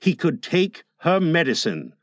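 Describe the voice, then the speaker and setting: A man narrating a storybook aloud in a dramatic way, shifting from hushed to lively. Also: fairly high pitch, a little slow, dry recording, clean studio sound. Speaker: audiobook narrator. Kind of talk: expressive storybook reading.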